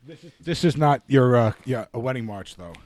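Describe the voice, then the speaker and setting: A man co-hosting a casual podcast who throws in quick jokes. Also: mid-range voice, expressive. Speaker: podcast co-host.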